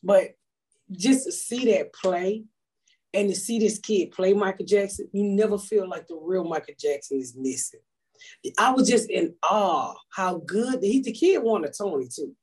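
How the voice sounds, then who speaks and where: Husky, profane woman podcast host. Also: mid-range voice, a little slow. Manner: loud, profane, animated storytelling. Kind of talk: casual chat, storytelling.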